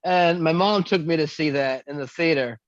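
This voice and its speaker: A man's voice: fairly high pitch, normal speed, muffled recording. A man in his thirties playing as a contestant on a podcast quiz, hesitant and jokey. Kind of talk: casual chat.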